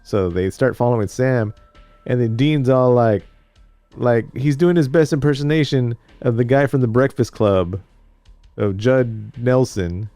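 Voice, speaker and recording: A man's voice: medium pitch, a little slow, mellow, no echo, faint music behind. A man co-hosting a podcast, recapping a TV episode in casual chat, rambling and joking as he tells the story. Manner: rambling, jokey storyteller who acts out scenes.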